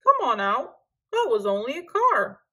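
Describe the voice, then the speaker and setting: A bouncy, good-hearted polar bear cub from a children's storybook, coaxing his friend along with eager, lively reassurance, as a woman reading aloud voices him. The voice is bright and upbeat. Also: high voice, a little slow, pitched above the performer's own voice, exaggerated voice. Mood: reassuring. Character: brave, cheerful young male polar bear cub.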